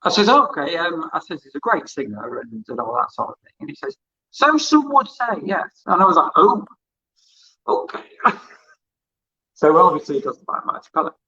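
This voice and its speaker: Bright-voiced man telling rambling anecdotes. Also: a little high, sing-song, a little fast, highs cut off. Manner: rambling anecdotes, acts out quoted dialogue. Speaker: music interviewer and former hospital radio presenter. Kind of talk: casual interview storytelling.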